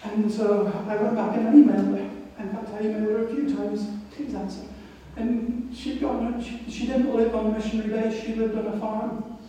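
A woman missionary gives a reflective sermon drawn from her own story. Her voice is warm and fairly even in tone. She sounds distant from the mic, in a hall with a long, roomy echo. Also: fairly high pitch, normal speed, hardly any pauses. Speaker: missionary speaker. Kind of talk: sermon with personal testimony. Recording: echoey hall from far off.

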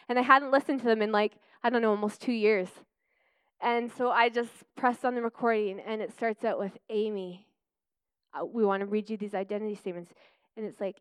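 A woman's voice: a little high, clear, resonant tone, no echo. A young woman telling a personal testimony in a church talk, heartfelt and conversational with many fillers. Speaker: speaker sharing a testimony in church.

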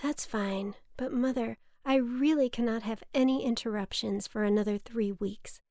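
A young woman reads a personal essay with dry, deadpan wit. Her voice is slightly high with a gravelly edge. The sound is close and dry. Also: moderate pace, no echo. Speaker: storyteller.

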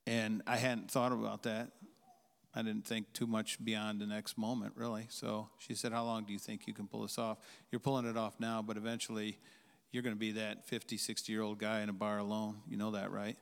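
A man giving a halting, candid personal testimony as a guest. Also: fairly low pitch, completely flat delivery, vocal fry, clean tone, long reverb tail.

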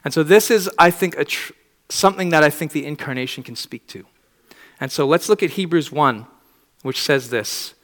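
A man's voice: a little high, normal speed, fairly bright tone, in a large hall. A man preaching a sermon in a conversational, reflective way, often asking rhetorical questions.

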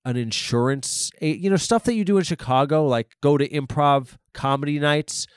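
Rambling, halting male podcast host. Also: a little high, smooth, dry recording, studio quality. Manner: halting, rambling, profane, full of fillers. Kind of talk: rambling improvised comedy monologue.

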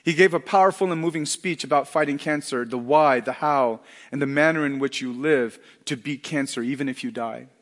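A middle-aged male pastor preaching a sermon earnestly, dropping to a hush and then rising to loud emphatic lines. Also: mid-range voice, brisk, hardly any pauses, long reverb tail.

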